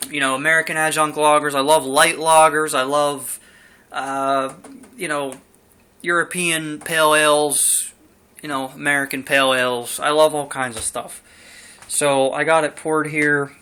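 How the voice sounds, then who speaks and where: A man's voice: fairly high pitch, little pitch movement, moderate pace, bright, forceful tone, clear, resonant tone. A young man casually reviewing a beer at home, rambling and chatty with lots of fillers, recorded on a camera mic.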